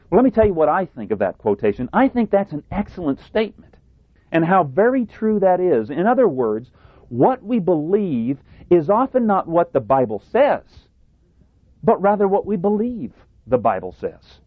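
A man's voice: on the high side, no room sound. Tinny recorded male preacher. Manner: deliberate, emphatic, sometimes sarcastic. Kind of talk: sermon. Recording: tinny phone-like dry sound.

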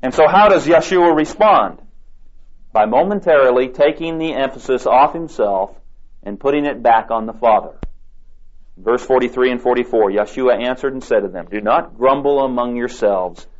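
A man preaching a sermon, reading scripture aloud with deliberate emphasis. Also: mid-range voice. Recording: dull lo-fi tape recording.

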